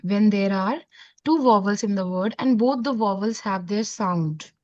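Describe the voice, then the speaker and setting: A woman's voice: medium pitch, a little slow, a little mellow, no room sound. A woman teaching a French lesson, explaining step by step and mixing Hindi with English. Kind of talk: online class lesson. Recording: dull, dry, lo-fi audio.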